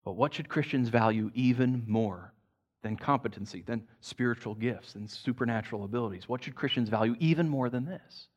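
A man preaching a sermon to his congregation, chatty and animated, often tossing in "right?", and dropping soft and low when he reads scripture. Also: fairly quick, muffled recording. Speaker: pastor.

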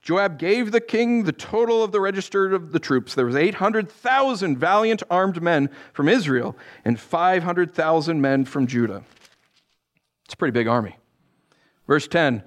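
A male pastor preaching a sermon, reading Bible verses and cracking jokes in animated asides. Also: a little high, normal speed.

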